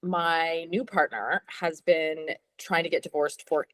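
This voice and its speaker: A woman hosting a casual conversation, talking in a chatty, animated way with lots of filler words. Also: sits low, slow, dry recording. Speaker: host.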